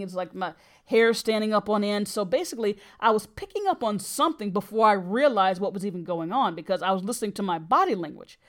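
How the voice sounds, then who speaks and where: A middle-aged woman hosting a podcast, telling a personal story in an earnest, emphatic way. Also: medium pitch. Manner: earnest and emphatic, with brief laughs.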